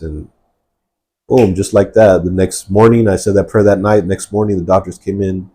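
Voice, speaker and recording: A man's voice: low-pitched, fairly quick, dark tone, breathy edge. A man sharing his personal testimony in a podcast interview, talking earnestly and rambling with many fillers.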